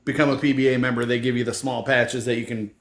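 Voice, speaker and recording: A man's voice: medium pitch, little pitch movement, fast talker. A man hosting a podcast, reading out a listener question and telling an earnest personal story. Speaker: podcast host. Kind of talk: casual conversation. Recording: echoey room with faint hiss.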